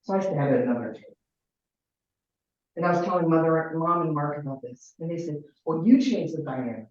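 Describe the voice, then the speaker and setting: On a group call, a sixtyish caller from Ohio in the United States tells a story about her family in an expressive, low voice. She wanders, pauses, and starts over repeatedly, while the audio comes across as heavily echoing, far away, and muffled.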